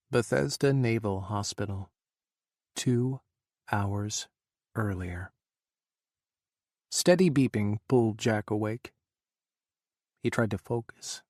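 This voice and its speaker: A man narrating an audiobook, with slow, dramatic emphasis on emotional passages. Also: fairly low pitch, a little mellow, dry recording, studio quality.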